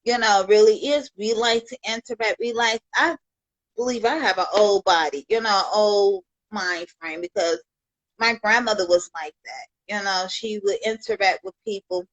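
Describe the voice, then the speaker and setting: A Chicago woman hosting a livestream rambles through heartfelt thanks to her viewers, sprinkling in plenty of "you know." She speaks at a medium pitch and moderate pace, and the recording is dry and muffled.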